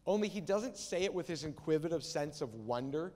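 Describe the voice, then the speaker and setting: A man's voice: on the high side, lively intonation, normal speed, few pauses, a little mellow. A man preaching a sermon as pastor, talking in a conversational way and acting out Bible quotes. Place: church sanctuary. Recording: long reverb of a church hall.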